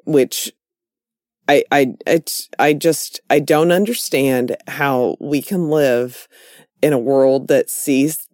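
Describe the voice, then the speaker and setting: A woman's voice: slow, darkish tone, dry recording, clean studio sound. A woman co-hosting a casual chat, talking passionately and often stumbling over her words as she gets worked up. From Texas. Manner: passionate, rising pitch when worked up.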